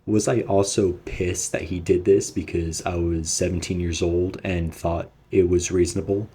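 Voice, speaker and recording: A man's voice: deep voice, level tone, moderate pace, warm tone, slightly rough. A young man telling a storytime vlog in a casual, rambling, profane way. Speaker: vlogger.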